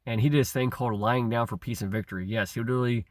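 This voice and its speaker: A man's voice: medium pitch, fairly even intonation, racing, hardly any pauses, a little mellow, dry recording, studio quality. A man delivering a rambling, profane rant, stammering and repeating himself, with chuckles between phrases. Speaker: online commentator. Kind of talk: ranting monologue.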